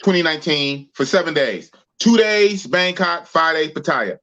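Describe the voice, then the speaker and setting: A man's voice: on the high side, lively intonation, moderate pace, bright, forceful tone, highs cut off. A man from Oakland, California, hosting a podcast in slangy, playful casual chat. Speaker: podcast host.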